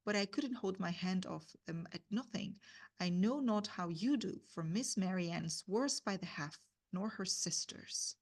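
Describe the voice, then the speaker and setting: A woman reading the lines of a blunt, plain-spoken nurse from a novel in a plain reading voice. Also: on the low side. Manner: read plainly, without the character's dialect.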